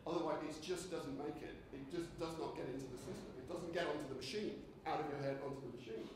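Guy giving a talk, bit high voice, lots of restarts, mic far off in a big echoey room. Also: fast talker, noisy background. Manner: animated and conversational, with frequent restarts. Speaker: keynote speaker. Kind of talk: conference lecture. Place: lecture hall. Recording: echoey hall, voice from a distance.

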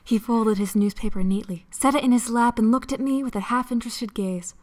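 Breathy dramatic narrating woman. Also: a little high, a little fast, darkish tone. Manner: breathy, seductive reading voice. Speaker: game co-host.

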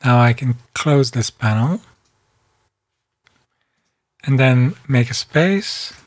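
Male tutorial narrator, slow deliberate delivery, calm step-by-step voice-over. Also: medium pitch. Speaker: software instructor. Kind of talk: screen-recorded tutorial narration.

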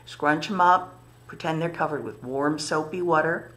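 A woman leading a story time for toddlers in a library story room, speaking gently and encouragingly to little children and their parents. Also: low voice, moderate pace.

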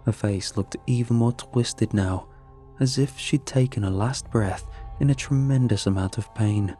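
A man reading a horror story aloud in a measured, scripted narration. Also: on the low side, dark tone. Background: faint music.

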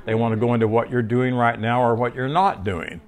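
A man's voice: medium pitch, fairly even intonation, fairly quick. A man giving a casual, conversational Bible teaching, restarting sentences often, drifting into personal stories and checking in with his listener. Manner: rambling, frequent restarts and filler words; checks in with listener with tag questions.

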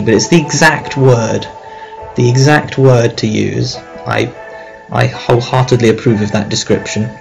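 A man narrates his game playthrough in a chatty, self-mocking way, voice pitched in an ordinary middle range. He jokes as he goes and reads the characters' lines aloud. Soft game music plays underneath. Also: gravelly. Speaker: let's play host. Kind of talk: let's play commentary, reading game dialogue aloud in playful voices.

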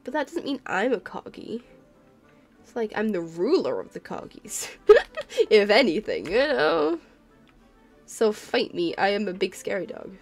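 Woman, streamer, tired, rambling casual chat, self-deprecating, giggly, faint music behind. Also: medium pitch. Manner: rambling, self-deprecating, apologetic, laughs often. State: tired and yawning. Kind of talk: casual chat while drawing.

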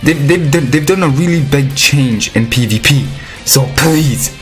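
A man giving live commentary on a mobile game, excitable and chatty with his viewers, breaking into squealing outbursts. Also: mid-range voice, unhurried, soft background music. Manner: pleading and chatty toward viewers.

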